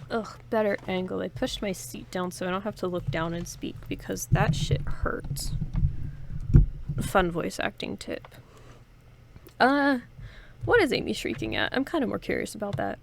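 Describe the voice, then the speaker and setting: A woman's voice: mid-range voice, creaky, background noise. A woman reads an interactive story game aloud in first person, giving the narration a dramatic push. She stops now and then to chat and joke with her viewers before going back into the story. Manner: reads dramatically, breaks off for chatty, joking comments.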